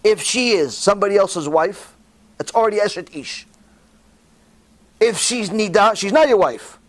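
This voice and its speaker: A middle-aged rabbi preaches a sermon in a fairly high voice, swinging his pitch widely and acting out the voices of those he quotes. His delivery is animated and expressive at a moderate pace.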